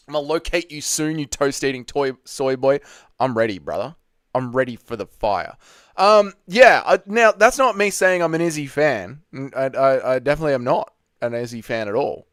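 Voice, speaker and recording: Reading comments on his casual livestream, a young Australian guy greets viewers by name and swears a lot. He sounds a little high, fairly bright and smooth, on a dry, clean studio recording.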